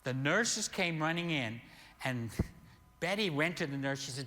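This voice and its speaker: An older man preaching as a pastor, telling a healing story slowly and animatedly, with sudden loud peaks. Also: on the high side, expressive. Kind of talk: sermon storytelling. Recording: long hall reverb.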